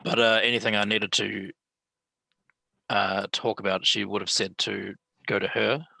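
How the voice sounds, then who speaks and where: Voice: low voice, level tone, a little slow, gravelly, pushed and bright, no echo, rough recording. A player in casual chat who asks short questions about the game. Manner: brief, questioning.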